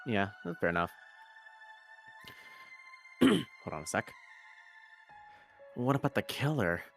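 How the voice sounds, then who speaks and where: A woman joining a game stream as a co-player, making slow, laid-back remarks in casual chat. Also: a bass voice, very animated, gravelly, faint music behind.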